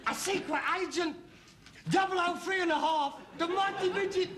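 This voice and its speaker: An actor playing a sarcastic, mocking middle-aged son in a sitcom. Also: male voice, extremely high pitch, moderate pace, heavy background noise. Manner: sarcastic, mocking, bursts into silly put-on voices. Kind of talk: sitcom acting.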